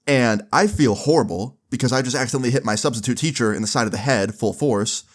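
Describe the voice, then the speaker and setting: A young man casually telling a story, with a relaxed, loose delivery full of fillers and some swearing. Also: mid-range voice, fast talker. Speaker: storyteller vlogger.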